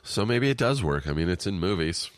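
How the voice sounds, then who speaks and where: A man with a very low, deep voice chats casually on his podcast, reading listener emails aloud. He rambles, pokes fun at himself and swears freely, sniffling now and then from allergies. The sound is close and dry, with no room echo. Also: very animated, a little fast. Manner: rambling, self-deprecating, profane asides. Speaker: podcast co-host. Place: at home in his apartment.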